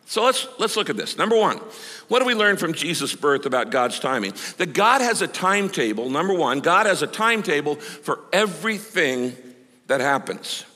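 A man's voice: fairly high pitch, sing-song, pushed and bright. A man in his sixties, a pastor, preaches a sermon in a conversational way, stretching out key words for emphasis. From United States. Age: 60s. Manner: conversational, with drawn-out emphatic phrases. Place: large church auditorium. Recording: long hall reverb.

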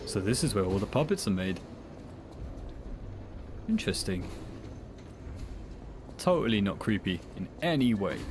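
Young man, lowish voice, casual game commentary, jokey, faint game sounds behind. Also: a little slow, long pauses, a little hiss or hum. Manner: joking, jumps into high-pitched excited yelps. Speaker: gameplay commentator. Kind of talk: casual let's-play commentary.

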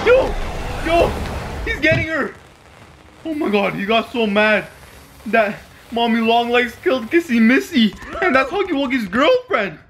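A young man giving excitable reaction commentary as a YouTuber, shouting, gasping and saying "yo" and "literally" constantly. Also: extremely high pitch, noisy background. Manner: excitable, shouts and gasps, says "yo" and "literally" a lot. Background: music playing.

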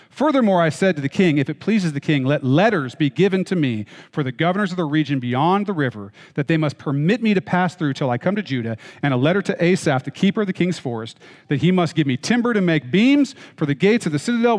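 A man's voice: a little high, darkish tone, in a large hall. A man preaching a sermon as pastor, reading scripture and then explaining it in a conversational way, with joking asides and frequent check-ins with listeners. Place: church hall.

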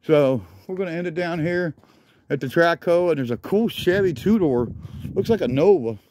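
A man's voice: fairly high pitch, moderate pace, darkish tone, a little hiss or hum. A man walking around outdoors filming a junkyard, rambling enthusiastically as he names vehicles, a little out of breath. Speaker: vlogger. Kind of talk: casual walk-around commentary.

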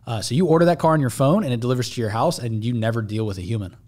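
A man as a podcast guest chatting casually, offhand, often trailing off quietly. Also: medium pitch, rapid-fire.

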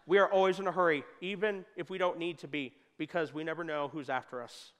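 A man preaching a sermon in a church, talking conversationally and joking, with sudden loud bursts. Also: fairly high pitch, steady tone, quick pace, a little hiss or hum. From United States. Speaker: pastor. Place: church hall. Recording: long hall reverb.

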